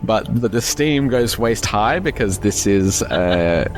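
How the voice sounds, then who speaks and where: A man's voice: fairly low pitch, lively intonation, slow, music in the background. A man running a tabletop game, narrating loosely with jokes and laughter. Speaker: game master. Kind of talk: casual improvised game narration.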